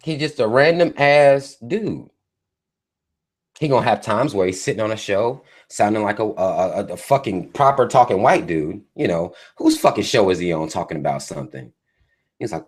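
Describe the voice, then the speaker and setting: A man's voice: on the low side, animated, normal speed. A man hosting a live stream, delivering a mocking, profane rant with heavy emphasis. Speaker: livestream host.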